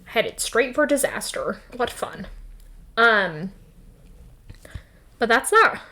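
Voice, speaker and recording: A woman co-hosting a casual podcast, recapping a book chapter with quick quoted voices, frequent laughter and swearing. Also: fairly high pitch, lively intonation, sharp tone. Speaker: podcast co-host.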